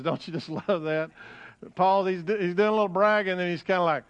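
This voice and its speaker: A man's voice: steady tone, a little fast, smooth. A man preaching as a pastor in a church, talking in a folksy, conversational way with frequent restarts, and reading scripture with rising emphasis. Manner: rises in pitch and volume when reading scripture aloud. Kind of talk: sermon. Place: church sanctuary. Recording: dull, lo-fi sound.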